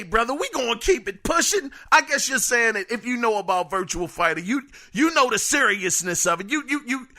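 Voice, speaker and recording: A man hosting a casual solo podcast, reading listener emails in an animated, joking way that trips over words. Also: very high voice. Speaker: podcast host.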